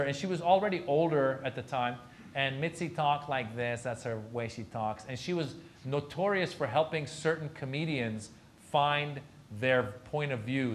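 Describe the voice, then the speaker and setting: A man, a comedian, telling anecdotes at a lecture Q&A and acting out other people's lines. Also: medium pitch. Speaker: comedian guest at a university lecture. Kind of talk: storytelling anecdote in a Q&A.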